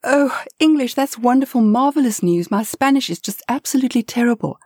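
A woman voicing an excitable, gushing middle-aged woman tourist who talks in a high, eager rush. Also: slow, no room sound, studio quality. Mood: excited.

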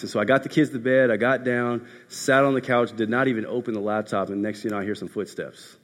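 A man preaching a sermon as a pastor, telling a story and swinging from loud passages to hushed ones. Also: medium pitch, fairly even intonation, brisk, hardly any pauses. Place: church hall. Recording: echoey hall.

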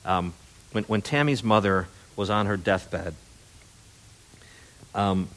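A middle-aged man delivers a sermon in a relaxed, folksy style full of restarts. His voice sits on the low side, climbing when a story excites him and sinking to a soft, earnest hush when he presses his point. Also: slow. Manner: conversational storytelling, rising excitedly then dropping to soft earnest appeals. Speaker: pastor.

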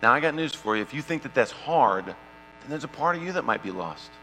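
A man preaching a sermon and telling a personal story, shifting between loud, lively stretches and quiet, hushed ones. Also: mid-range voice, a little fast. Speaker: pastor. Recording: long hall reverb, faint mains hum.

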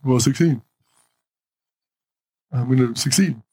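A man's voice: medium pitch, slow, darkish tone, no room sound. A man giving a motivational talk on stage, emphatic, repeating key phrases and asking the audience questions. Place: stage before a live audience.

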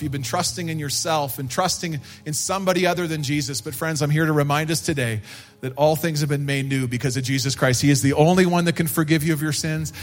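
A man preaches a sermon in an earnest, unhurried way and stretches out key phrases. His voice sits a little high for a man, and it climbs when he presses a point. Soft music plays faintly behind him. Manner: earnest, slow and emphatic, rising for stress. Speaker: pastor.

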